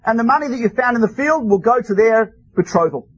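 A man's voice: very high voice, lively intonation, a little fast, slightly rough, muffled recording, exaggerated voice. Man playing a shrewd, wise king. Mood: solemn. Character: wise old male king, shrewd and calm.

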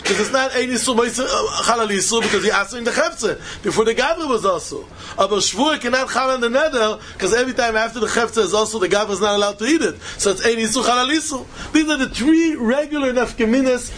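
A man's voice: very high voice, fairly bright tone, a little hiss or hum. A man giving a Talmud study lecture in a sing-song style, mixing in Yiddish and Hebrew terms and rising into questions. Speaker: Talmud teacher.

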